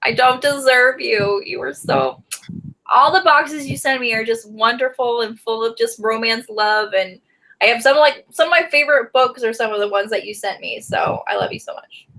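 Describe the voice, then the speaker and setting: A woman's voice: fairly high pitch, normal speed, sharp tone, poor audio. A woman co-hosting a book club live stream, talking in a gushing, emotional way and laughing often. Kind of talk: casual live stream chat.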